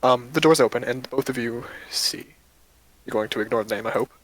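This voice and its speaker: A man's voice: mid-range voice, brisk, no room sound, rough recording. Casual man running a tabletop game. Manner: casual, rambling with fillers. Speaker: game master.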